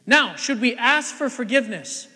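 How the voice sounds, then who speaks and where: A man preaching a sermon as pastor, shifting between loud, emphatic lines and hushed, near-whispered ones, with lots of rhetorical questions to the congregation. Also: extremely high pitch, animated, moderate pace, slightly rough. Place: church sanctuary. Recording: long church-hall reverb.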